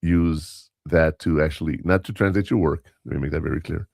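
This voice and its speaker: Low gravelly male podcast co-host, rambling anecdotal storyteller, dry close sound, casual chat. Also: fairly even intonation, a little fast, a little mellow, dry recording. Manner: rambling, anecdotal, with self-corrections and quoted dialogue. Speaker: podcast co-host and substitute teacher.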